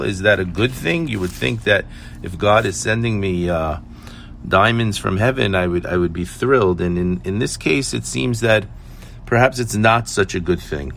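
A man's voice: fairly low pitch, vocal fry, fairly bright tone, slight background noise. A man giving an earnest Torah teaching, asking questions and telling a story with hesitant fillers. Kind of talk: sermon with storytelling.

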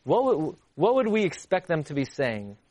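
Male Torah teacher, high-pitched, animated and emphatic, dry close recording. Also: normal speed, dry recording. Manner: animated, repeats for emphasis, rises high to act out voices. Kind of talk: Torah class lecture.

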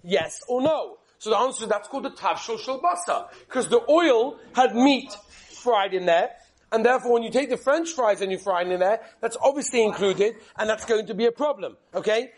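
An animated man with a high voice leads a class, speaking with a lilt. He keeps it lively, tossing in anecdotes and questions to his students. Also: normal speed. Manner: animated, storytelling, drops into whispered quotes. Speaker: rabbi teaching a class. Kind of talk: lively lecture on Jewish law with stories.

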